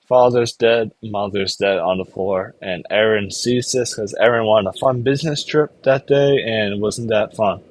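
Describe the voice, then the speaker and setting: A man's voice: lowish voice, rough recording. A young man casually recapping an anime, rambling and briefly acting out the characters. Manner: rambling, acts out characters in quick put-on voices. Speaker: anime reviewer.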